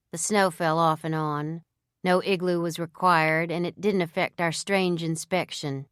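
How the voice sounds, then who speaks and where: A woman narrating a novel in the first person with a measured, even storytelling manner. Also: on the low side, clean tone, no room sound, studio quality. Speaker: audiobook narrator.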